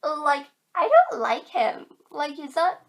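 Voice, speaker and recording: A woman's voice: sits high, very animated, slow. A teenage girl vlogging to camera in casual chat, chatty and giggly, filling her talk with "like", a bit tired.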